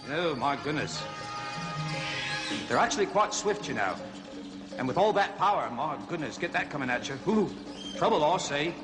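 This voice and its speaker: Very animated at a normal speed, with long pauses, a man with a fairly high voice plays a 1970s children's comedy's zoo host: a jovial, bumbling jungle explorer who chatters, entertains himself, and gets flustered easily. Music plays underneath.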